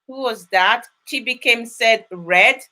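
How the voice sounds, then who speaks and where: A woman's voice: on the high side, slow, pushed and bright. A woman hosting a live children's read-along, chatting with young viewers and coaxing them to answer. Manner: encouraging, coaxing answers from kids.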